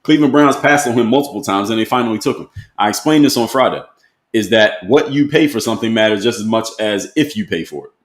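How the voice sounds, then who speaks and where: Fast-talking blunt man. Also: lowish voice, roomy sound. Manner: blunt, emphatic, repeats key points. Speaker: motivational commentator. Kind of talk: casual commentary to camera.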